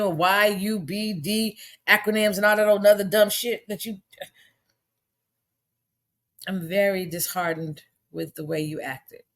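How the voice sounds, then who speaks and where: A woman's voice: lowish voice, a bit bright. A woman delivering an angry, profane rant on a livestream, firing off rhetorical questions. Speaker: commentator. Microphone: phone.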